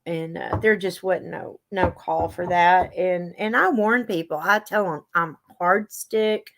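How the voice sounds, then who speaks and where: A woman's voice: lowish voice, fairly even intonation, a little slow, fairly bright tone. A woman, chatting and telling a story to her viewers as a show host. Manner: chatty storytelling, reading viewer comments aloud. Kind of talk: casual chat to a live audience.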